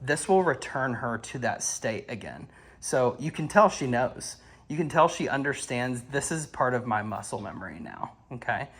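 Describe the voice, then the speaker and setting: Calm man coaching a dog owner. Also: mid-range voice, normal speed, husky. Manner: calm instructive, frequent praise. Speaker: dog trainer. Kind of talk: hands-on coaching. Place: outdoors at a house doorway and yard.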